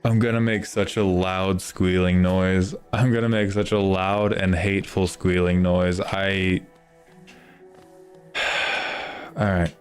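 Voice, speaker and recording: A man's voice: low-pitched, little pitch movement, takes it slowly, pauses often, clean tone, faint music behind. A young man streaming a video game, reacting with constant frustrated swearing as he plays. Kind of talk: live gameplay commentary.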